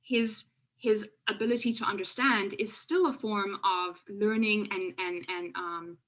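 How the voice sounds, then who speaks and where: A woman education researcher presents a webinar over a video call with screen sharing, explaining classroom clips. Her voice is medium-pitched, steady, and fairly bright, but her delivery is halting, full of fillers and restarts.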